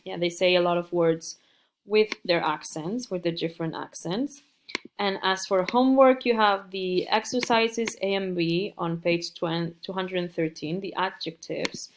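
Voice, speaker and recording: A woman teaching an English lesson, repeating words slowly and carefully for her learners. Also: on the low side, fairly even intonation, a little hiss or hum. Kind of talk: recorded online English lesson.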